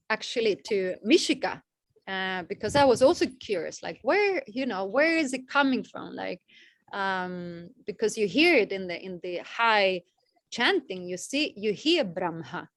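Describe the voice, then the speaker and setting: A woman leading an online class over a video call, talking slowly with many fillers and restarts. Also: medium pitch, no room sound. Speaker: class organizer. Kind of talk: casual online class talk.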